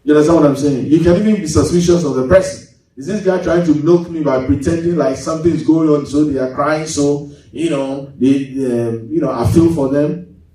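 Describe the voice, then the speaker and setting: A man preaching a sermon as pastor, lively, going from loud to hushed and laughing as he tells stories. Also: fairly high pitch, a little fast. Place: church. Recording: echoey church hall, mic at a distance.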